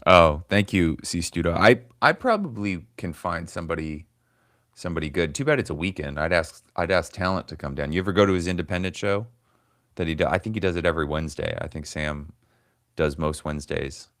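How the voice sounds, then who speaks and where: A man's voice: low-pitched, a little fast, a bit bright, dry recording, clean studio sound. A man in his forties hosting a casual livestream, rambling and swearing as he grumbles to his chat. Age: 40s. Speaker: comedian livestream host.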